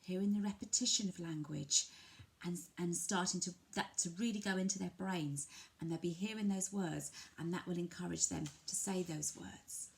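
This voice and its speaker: A woman's voice: lowish voice, normal speed, creaky. Patient English woman guiding parents. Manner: gentle, patient, repeats words in a bright sing-song voice when modelling for children. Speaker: family centre early language worker. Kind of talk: instructional talk to parents, demonstrating a picture book.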